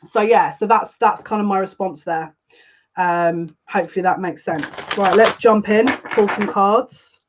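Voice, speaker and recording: Hosting a live collective tarot reading, a woman with a mid-range voice talks at a moderate pace, drifting from one thought to the next and showing her emotions openly. The stream's audio is slightly dull and lo-fi.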